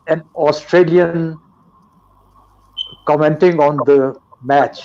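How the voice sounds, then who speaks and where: An older man from Pakistan lectures slowly and carefully, spacing out each phrase. His voice sits a bit high for a man and comes through dull, lo-fi live stream audio. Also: steady tone, a little hiss or hum. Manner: slow, deliberate, lecturing. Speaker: guest teacher. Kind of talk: live online English lesson.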